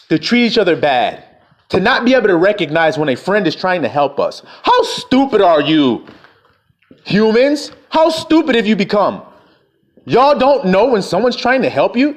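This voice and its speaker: A man preaching a profane, confrontational street sermon, scolding his listeners. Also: high-pitched.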